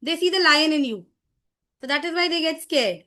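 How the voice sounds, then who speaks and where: A high-voiced middle-aged woman leads a teacher training session. She talks in an animated, demonstrative way and often restarts her sentences as she explains. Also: moderate pace.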